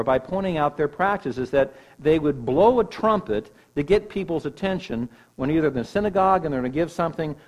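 A man's voice: on the high side, rough recording. Emphatic man preaching. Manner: emphatic teaching with rising and falling emphasis. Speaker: pastor. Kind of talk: sermon.

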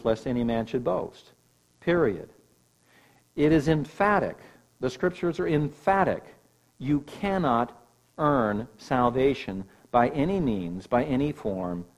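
Man, pastor, sermon, emphatic teaching voice, mid pitch. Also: low-quality recording.

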